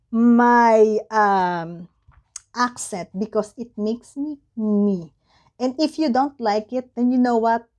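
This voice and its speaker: Chatty Filipino-accented woman, slightly high voice. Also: takes it slowly, darkish tone. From Philippines. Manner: candid, rambling, searches for words. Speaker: vlogger. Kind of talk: casual chat.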